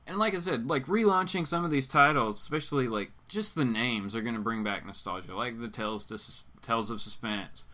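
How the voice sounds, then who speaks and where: A man's voice: medium pitch, fairly quick, few pauses, sharp tone. A man hosting a casual comics talk stream, reading out viewer comments and rambling through his opinions with plenty of fillers and restarts. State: hiccups. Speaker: host of a comics talk show.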